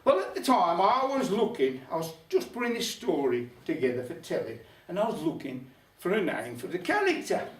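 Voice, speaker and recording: Older Black Country male storyteller, wry and chatty; high, animated voice in a roomy hall, distant mic. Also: moderate pace, hardly any pauses. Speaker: folk club storyteller. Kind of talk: humorous storytelling to a live audience. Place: folk club room.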